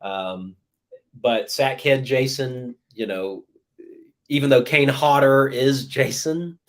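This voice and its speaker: Guest, man, relaxed chat delivery, mid pitch, trails off softly. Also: takes it slowly. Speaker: guest horror writer. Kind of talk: casual interview chat.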